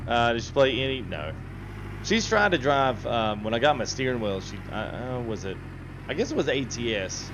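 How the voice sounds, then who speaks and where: A man's voice: medium pitch, very animated, moderate pace, background noise. Chatty man streaming a game. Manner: chatty, laughs often, reads chat aloud. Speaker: gaming livestream host. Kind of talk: casual livestream chat.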